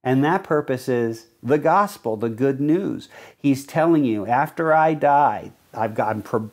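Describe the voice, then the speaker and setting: A male pastor preaching a sermon, explaining verses in an earnest teaching manner and reading scripture slowly with stressed key words. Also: mid-range voice, lively intonation.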